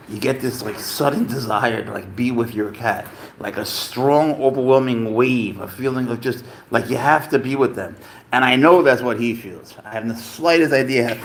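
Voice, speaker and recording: A man's voice: medium pitch, gravelly, slight background noise. A man and teacher chatting on a live stream at home, talking baby talk to his pet, swearing and rambling between asides. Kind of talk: casual live stream chat.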